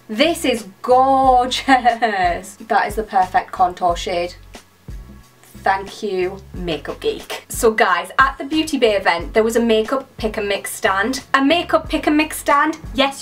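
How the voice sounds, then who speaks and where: A young British woman chatting excitedly through a makeup tutorial in a gushing, chatty way. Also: medium pitch. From United Kingdom. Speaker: beauty vlogger.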